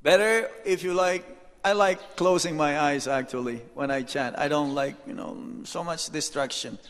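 A man, a monk, giving an unhurried devotional lecture, telling anecdotes and dropping rhetorical "hmm?" asides. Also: on the high side, fairly bright tone. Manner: storytelling, reads out anecdotes. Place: temple hall. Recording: echoey hall reverb.

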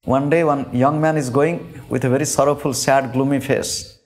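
A man giving a scripture discourse as a spiritual teacher, speaking deliberately and repeating key phrases for emphasis. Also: medium pitch, steady tone. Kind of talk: sermon-style scripture discourse.

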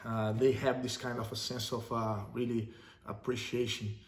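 A man's voice: mid-range voice, moderate pace. Laid back guy hosting an interview, says "man" a lot, bit of room echo. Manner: relaxed, chatty, peppered with "you know" and "man". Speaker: interviewer, host. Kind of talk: casual interview chat. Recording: roomy echo.

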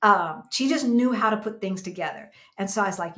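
A woman's voice: medium pitch, expressive, fairly quick, few pauses, a bit bright. An American woman in her fifties, co-hosting a casual livestream chat and telling stories in a reflective way. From United States. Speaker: livestream co-host. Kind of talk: casual chat, reading viewer comments.

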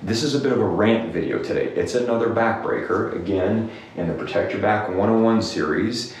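A man's voice: fairly low pitch, a little fast, far from the mic. A male clinician giving exercise advice in an emphatic rant to camera, repeating "okay?" often. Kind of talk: direct-to-camera rant video. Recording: very echoey room, somewhat off-mic with faint noise.

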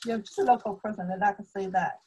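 A woman with a Chinese accent tutoring a learner, with quick encouraging affirmations. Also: mid-range voice, noisy background. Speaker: Chinese teacher. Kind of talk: tutoring conversation.

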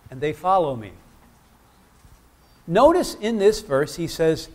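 A man's voice: high-pitched, sing-song, a little slow, pauses often. Conversational man preaching a sermon. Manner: conversational, asks the congregation questions. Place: church.

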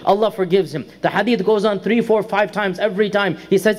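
A man's voice: high voice, moderate pace, few pauses, a little mellow. A middle-aged man teaching a religious lecture, explaining terms carefully and repeating key words for emphasis. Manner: pronounces Arabic terms carefully. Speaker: Islamic lecturer.

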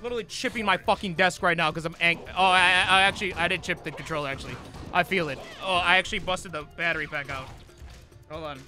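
A man streaming a fighting game live, swearing and shouting in frustration as he plays. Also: high-pitched, fast talker, music in the background. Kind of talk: live gameplay commentary.

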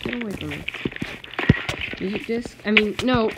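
A woman who hosts a gaming channel talks at a measured pace with long pauses, her voice medium in pitch. She keeps up a chatty, exasperated commentary on her game and pleads with the on-screen mobs. The recording is very noisy.

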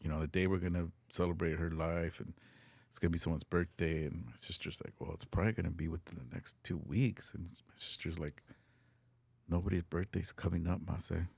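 A middle-aged man with a very low, gravelly voice tells a personal story in an earnest, casual way. He drops in Spanish phrases and swears freely, and his husky tone sits in a dry, close space. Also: flat delivery, a little fast, darkish tone, no room sound. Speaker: podcast guest.

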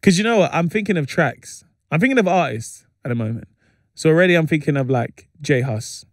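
Animated man telling stories. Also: on the high side, brisk, no echo, clean studio sound. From England. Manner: lively, voices others in anecdotes, lots of slang fillers. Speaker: comedian guest. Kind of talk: casual interview chat, animated storytelling. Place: radio studio. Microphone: studio microphone.

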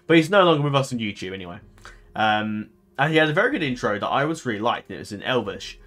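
A man's voice: medium pitch, big pitch swings, quick pace, fairly bright tone. Rambling, hesitant man talking to viewers. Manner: rambling, hesitant, self-correcting with many ums. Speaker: gaming channel host. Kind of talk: casual talk to viewers.

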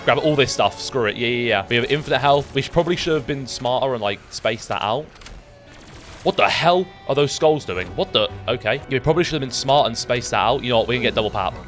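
A young man calls out his gameplay, excitable and swearing under his breath as things go wrong. His voice sits in a middle pitch and he keeps talking to himself. Faint game music plays underneath. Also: fast. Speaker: gaming YouTuber. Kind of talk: live gameplay commentary.

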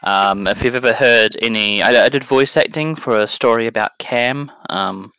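A British man chats along as a guest in a casual gaming session, his humour dry and deadpan. His voice sounds bright and sits at a middle pitch. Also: normal speed, clean tone, no room sound, low-quality recording. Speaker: guest co-player. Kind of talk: casual chat while playing a game.

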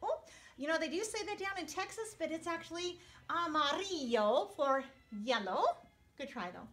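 A woman first grade teacher giving a playful video lesson, animated and encouraging, mixing in Spanish phrases. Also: extremely high pitch, fast talker.

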